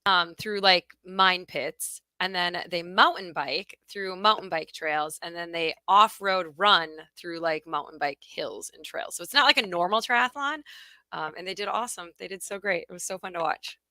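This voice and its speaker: Lively storytelling woman co-host, bright and slightly low voice, close dry mic. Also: moderate pace, dry recording. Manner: lively, storytelling, self-deprecating. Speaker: podcast co-host, mother and youth coach. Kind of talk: casual chat.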